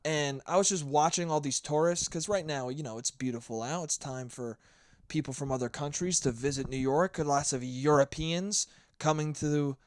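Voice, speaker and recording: A man's voice: on the high side, moderate pace, dry recording. A hungover young man hosting a solo podcast, rambling and swearing freely, scatterbrained. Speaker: podcast host. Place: New York.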